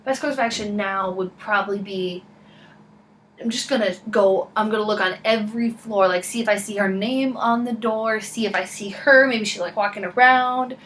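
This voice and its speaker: A young woman vlogging, telling a rambling, excitable story full of "like" in a casual chat. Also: medium pitch, moderate pace. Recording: voice a bit far from the mic, faint background noise.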